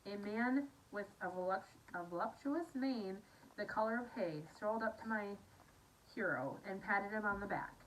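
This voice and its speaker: A Scottish woman reads a romance novel aloud in a loose, conversational manner, stumbling over words and breaking off for chatty asides. Her voice sits at a middle pitch and sounds slightly distant from the mic, with a faint bed of noise behind it. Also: normal speed, fairly bright tone. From Scotland. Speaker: audiobook reader. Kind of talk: casual amateur audiobook reading.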